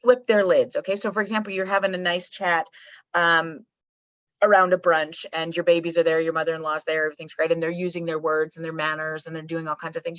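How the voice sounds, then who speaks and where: A middle-aged woman, a psychologist guest, talking candidly in a blunt, profane, animated storytelling manner. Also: mid-range voice, normal speed, no echo. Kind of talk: candid podcast conversation. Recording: slightly muffled dry recording.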